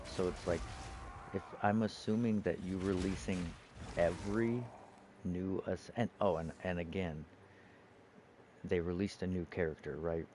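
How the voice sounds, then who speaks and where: A man's voice: low voice, unhurried, background noise. A man streaming in casual gaming chat, rambling and profane, restarting his sentences often.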